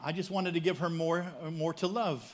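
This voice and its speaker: High-voiced male preacher telling a story. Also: fairly even intonation. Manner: humorous storytelling, pauses for interpreter. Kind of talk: sermon with live interpretation.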